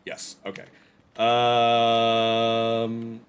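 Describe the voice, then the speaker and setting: A man streams a survival game in a mid-range, clear, resonant voice, speaking very slowly with a totally flat delivery. His casual commentary rambles, full of self-deprecating jokes and joking asides to his chat.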